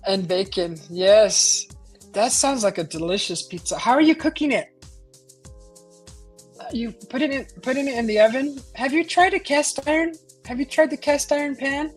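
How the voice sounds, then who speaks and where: A woman's voice: high-pitched, moderate pace, slightly rough, soft background music. A middle-aged woman hosting a casual live stream, chatting animatedly and asking her viewers lots of questions. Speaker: livestream host.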